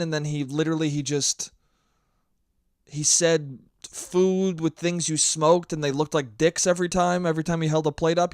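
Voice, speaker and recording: A man's voice: fairly high pitch, dry recording, clean studio sound. A man hosting a solo podcast, rambling and profane in a casual, self-mocking monologue. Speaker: podcast host.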